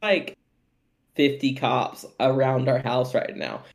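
Animated young man telling a podcast story. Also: mid-range voice, slow pace, gravelly. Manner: animated, profane, laughing storyteller. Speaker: podcast co-host.

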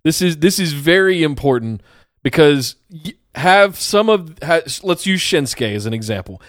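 Earnest podcast co-host, dry sound. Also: male voice, fairly high pitch, expressive, moderate pace, a bit bright, no room sound. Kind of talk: casual podcast chat.

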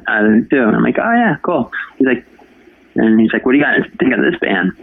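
A man's voice: medium pitch, big pitch swings, a little fast, vocal fry. A man in his forties, a radio host from New Jersey, telling a long story in a chatty way during an interview. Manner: chatty storyteller, talks to anybody. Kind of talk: casual interview. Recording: dry phone-line sound.

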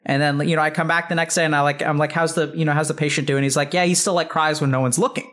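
A man's voice: fairly high pitch, fairly even intonation, racing, fairly bright tone. A man in his thirties, a psychiatrist, telling a long story in casual conversation, rambling with lots of "like" and swearing freely. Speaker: psychiatrist, podcast guest.

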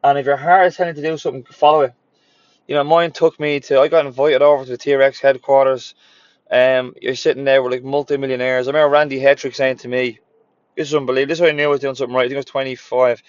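A man's voice: medium pitch, level tone, very fast, smooth, no echo. Guy who owns a gym telling his come-up story, swears a lot, repeats himself for punch, kinda muffled dry recording. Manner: candid, swears freely, repeats phrases for emphasis. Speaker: gym owner and former personal trainer. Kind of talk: motivational storytelling.

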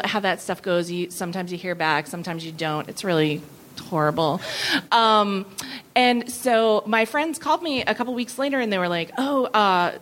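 A woman in her thirties telling a comic anecdote at a live venue, animated and often laughing. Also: mid-range voice, slight background noise. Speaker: comedy writer guest. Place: live venue before an audience.

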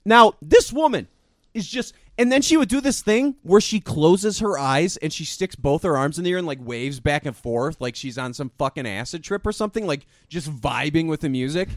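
A man's voice: on the high side, animated, moderate pace, dry recording. A man co-hosting a podcast, telling a story in casual chat with many fillers. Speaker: podcast co-host.

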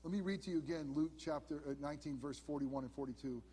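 A man in his fifties preaching a sermon as pastor, earnest, dropping to hushed emphasis on key points. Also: a little high, quick pace, breathy edge, long reverb tail. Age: 50s. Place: church sanctuary.

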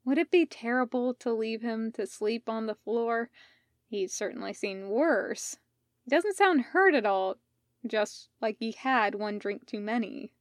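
A woman reads a story aloud in a calm, even way, taking a slow and unhurried pace. Her voice sits a little high, and the recording is close and dry with no room around it. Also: no echo. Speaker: podfic reader. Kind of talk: audiobook narration of fan fiction.

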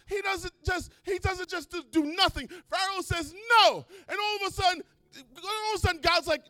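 Brief: high, bright male pastor, excitable, hushed to shouting, dry close sound. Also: fairly quick, no echo. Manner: excitable, swings from hushed to shouting, retells stories in voices. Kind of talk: sermon.

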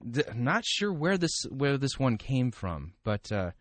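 A man's voice: mid-range voice, big pitch swings, unhurried, no echo. A man hosting a podcast, talking casually with wry, sarcastic asides and frequent restarts. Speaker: podcast host. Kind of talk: casual commentary and reading aloud.

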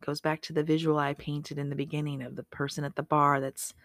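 A woman's voice: sits low, little pitch movement, fairly quick, fairly bright tone, no room sound, clean studio sound. A woman hosting a motivational podcast, chatty and upbeat, often correcting herself and making asides to herself. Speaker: podcast host.

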